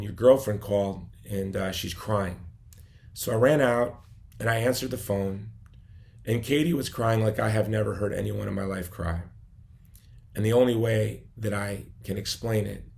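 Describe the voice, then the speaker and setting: Middle-aged man from Chicago, low gravelly voice, earnest testimony speech with quiet asides. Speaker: gala speaker.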